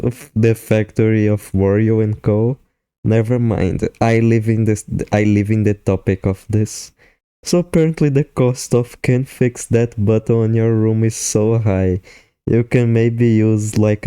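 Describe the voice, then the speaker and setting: A young man commentating a horror fan game, laughing often, swearing and reacting excitedly between explanations. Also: on the low side, clear, resonant tone, no echo, studio quality. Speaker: gaming YouTuber. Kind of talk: game commentary mixing live play and scripted explanation.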